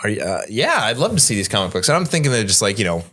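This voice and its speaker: Man, bartender, casual story, very lively pitch, animated, mimics others, swears casually. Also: rapid-fire. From Midwest United States. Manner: animated, quotes people in raised voices, swears casually. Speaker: bartender guest.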